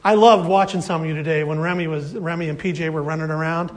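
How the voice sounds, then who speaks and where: A man preaching a sermon at a church service, lively and acting out the voices of his congregation. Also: fairly high pitch, fast. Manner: animated, acts out congregation voices. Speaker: pastor.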